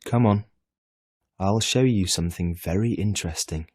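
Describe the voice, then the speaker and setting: A man's voice: sits low, normal speed, darkish tone, breathy edge, no echo, studio quality. A man reading a storybook, voicing a fond, protective mother. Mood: coaxing.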